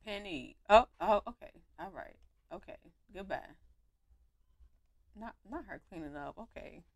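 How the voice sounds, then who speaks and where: A young woman giving animated, slangy commentary while playing a life-sim game on her home mic. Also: medium pitch, unhurried, no room sound. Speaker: gaming YouTuber. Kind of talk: let's play commentary.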